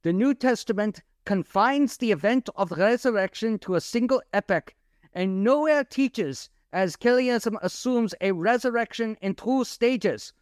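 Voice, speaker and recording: A man's voice: very high voice, clean tone, dry recording, studio quality, voice pushed up. A man voicing a stuffy male scholar with a put-on German accent, reading in a formal, lecturing way.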